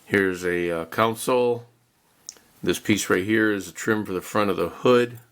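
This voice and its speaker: A man's voice: fairly low pitch, a little slow, fairly bright tone. A man casually narrating a model car kit unboxing, chatty and rambling, with self-deprecating chuckles.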